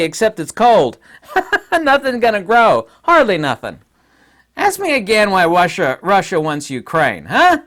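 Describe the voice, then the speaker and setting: Brief: middle-aged male vlogger, lively swooping pitch, sarcastic and rambling, laughs a lot. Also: unhurried. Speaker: channel host, commentator. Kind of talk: casual commentary monologue.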